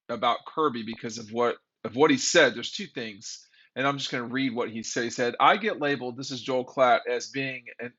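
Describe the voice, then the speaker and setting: On dull lo-fi audio, a sports show host with a mid-range, fairly bright voice delivers a casual opinion monologue. His talk wanders, full of strong views and frustration.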